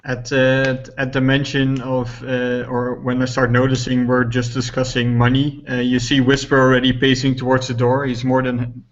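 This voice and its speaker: Flat-voiced man at a game table. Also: medium pitch, highs cut off. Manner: flat, halting. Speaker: player. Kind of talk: describing his character's actions.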